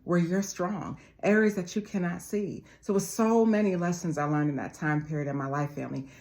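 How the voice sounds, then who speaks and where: A woman's voice: fairly low pitch, fairly even intonation, fairly quick, a little mellow. A woman in her forties giving a motivational monologue, emphatic and repetitive, calling her listeners family. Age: 40s. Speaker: motivational speaker.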